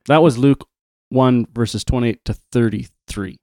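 A man retelling a Bible story, reading passages in a measured way with playful asides. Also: medium pitch, dark tone, no echo, clean studio sound.

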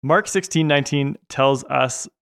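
A man co-presenting a Bible story, narrating events in a steady, plain manner. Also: mid-range voice, measured pace, gravelly, clean tone, no echo, clean studio sound. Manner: steady, narrating, brief affirmations.

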